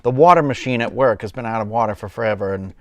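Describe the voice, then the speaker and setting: Sitting at home with a cocktail in hand, this livestream host chats loosely in a Southern US accent, rambling with plenty of fillers and false starts. His voice sits on the low side and sounds a bit bright, his pace is quick, and the recording is dry.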